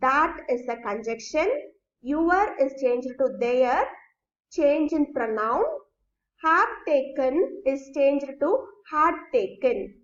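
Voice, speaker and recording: A woman teacher giving a recorded grammar lesson. She goes slowly, step by step, and often checks that students follow. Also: sits high, expressive, a bit bright. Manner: slow, explains step by step, checks understanding. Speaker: school English teacher. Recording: echoey room, dull lo-fi sound.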